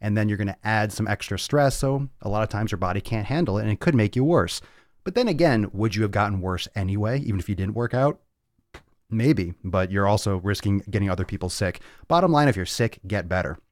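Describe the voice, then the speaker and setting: A man's voice: lowish voice, expressive, a little fast, no room sound, studio quality. A man hosting a livestreamed fitness podcast, talking in a brash, profane way straight to his viewers.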